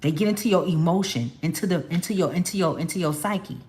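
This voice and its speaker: Lady from cali doing a tarot reading, low voice, talks slangy and emphatic, echoey room. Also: fast talker, a little mellow. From California. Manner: chatty, emphatic, slangy, addresses viewers as y'all. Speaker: tarot card reader. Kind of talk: casual spiritual reading to viewers.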